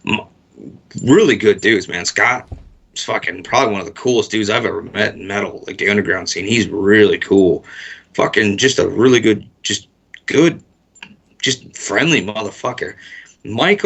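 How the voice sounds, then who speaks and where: Male interview guest, low gravelly voice, profane and rambling. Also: fairly bright tone. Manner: profane, rambling, laid-back storytelling. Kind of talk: casual storytelling.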